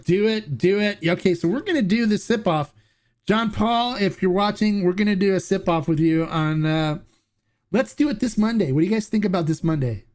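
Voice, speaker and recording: The voice sits high as this man runs a casual livestream reviewing tequila. Chatty and excitable, he often breaks into laughter and starts his sentences over.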